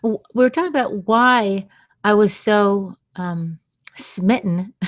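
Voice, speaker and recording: A woman hosting a radio show on sound healing, talking gently and unhurriedly, with soft laughs and quiet asides. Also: mid-range voice, dry recording, clean studio sound. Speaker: radio show host and vocal sound healer. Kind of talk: slow, soothing radio talk.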